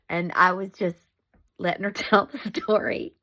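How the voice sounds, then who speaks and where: A woman's voice: on the low side, fairly even intonation, measured pace, pushed and bright. A middle-aged woman telling a family story in a casual vlog, chatty and laughing often.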